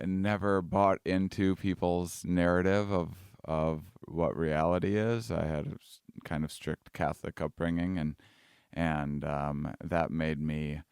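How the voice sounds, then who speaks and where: A man's voice: extremely low pitch, clean tone, dry recording, studio quality. A man guesting on a podcast, speaking casually with frequent restarts and chuckling at himself. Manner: halting, repeats words, laughs at himself. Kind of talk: casual conversation.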